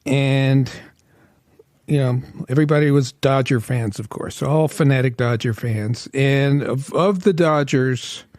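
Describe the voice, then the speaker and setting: A chatty man from Los Angeles co-hosting a podcast, with a laugh often slipping into his stories. His pitch sits in the middle range. The recording is close and dry. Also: measured pace, a little mellow, no echo. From Los Angeles, USA. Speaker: podcast co-host. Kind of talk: casual podcast chat.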